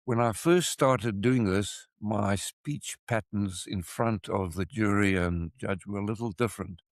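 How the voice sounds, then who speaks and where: An older man with a South African accent, an expert witness talking in a measured, emphatic way and repeating points for stress. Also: on the low side, dry recording. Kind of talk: casual interview talk.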